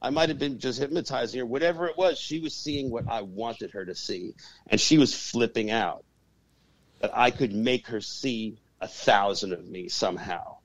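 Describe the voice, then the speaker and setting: Excitable, profane storytelling man. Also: mid-range voice, normal speed, dry recording, low-quality recording. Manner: profane and excitable, acts out the voices in his stories. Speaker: guest, urban shaman and exorcist. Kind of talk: animated storytelling in a podcast interview.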